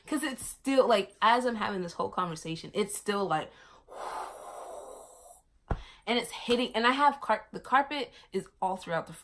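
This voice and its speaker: A young woman from Miami, a vlogger sitting on her bed and telling a story in casual chat. She acts out quoted lines with big jumps in pitch and volume. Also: a bit bright. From Miami, USA.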